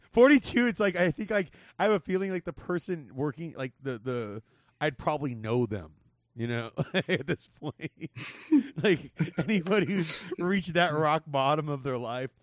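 A man in his forties from Southern California rambles through a loose comedy podcast chat, swearing freely and breaking into laughs. His voice sits a bit high for a man and sounds dry and close to the mic. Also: expressive, normal speed, no room sound. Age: 40s. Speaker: podcast host.

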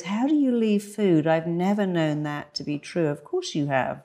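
A woman's voice: low-pitched, expressive, moderate pace, vocal fry, hardly any pauses, a little mellow. A woman therapist speaking as an interview guest, emphatic and acting out the voices she quotes. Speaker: hypnotherapist guest. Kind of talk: conversational interview.

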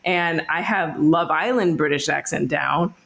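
A woman in her thirties, a comedian guest chatting in an interview, playful and quick to laugh. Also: low voice, gravelly. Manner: laughs often, animated and playful. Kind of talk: casual interview chat.

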